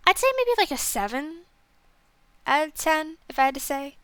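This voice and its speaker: A woman's voice: sits high, expressive, moderate pace, a bit bright, no room sound. A young woman streamer chatting casually about a game she played, rambling and self-deprecating with lots of fillers. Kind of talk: casual game review chat.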